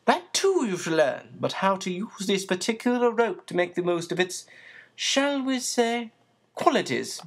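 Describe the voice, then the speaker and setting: Storybook magician, male, sardonic and crisp, formal commanding delivery, sits a little higher than the narration, as a reader puts him on. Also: big pitch swings, a little slow. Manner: precise, formal, dry and commanding. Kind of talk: audiobook character voice.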